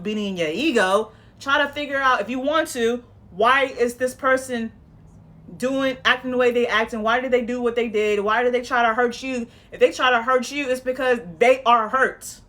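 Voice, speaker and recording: A woman's voice: fairly high pitch, a bit bright. A woman giving a casual tarot reading, blunt and emphatic, swearing freely and repeating herself as she talks. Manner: swears freely, uses slang. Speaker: tarot reader.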